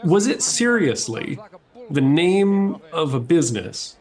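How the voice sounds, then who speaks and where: A man co-hosting a casual chat, rambling and stammering through animated stories. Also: on the high side, slow.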